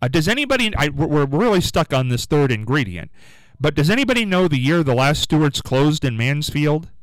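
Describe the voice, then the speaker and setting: A man hosting a live radio call-in quiz, with an upbeat, sing-song way of answering callers and a throat going hoarse. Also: on the high side, brisk, no room sound, rough recording. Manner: lively, upbeat, sing-song when rejecting guesses. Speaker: radio call-in show host. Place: radio studio.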